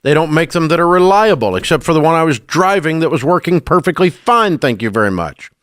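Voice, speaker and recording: A man's voice: fairly high pitch, expressive, brisk, fairly bright tone, dry recording, clean studio sound. A man in his sixties with a Southern American accent, hosting a call-in radio show in a blunt, emphatic, scolding way.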